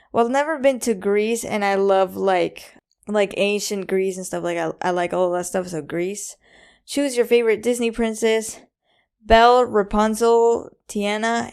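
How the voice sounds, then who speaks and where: A woman's voice: medium pitch, clear, resonant tone. A young woman hosting a casual solo podcast, rambling with lots of ums and likes, a bit anxious and self-conscious. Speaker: podcast host.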